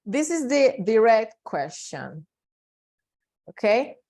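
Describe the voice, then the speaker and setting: A woman's voice: on the high side, big pitch swings, slow pace, dark tone. A woman teaching an English class over a video call, explaining patiently and repeating examples with lots of fillers.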